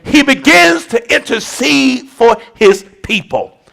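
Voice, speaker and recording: Gravelly, fiery preacher man. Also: very high voice, expressive, slow. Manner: shouting, rhythmic preaching with colloquial asides. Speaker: bishop preaching. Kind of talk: sermon.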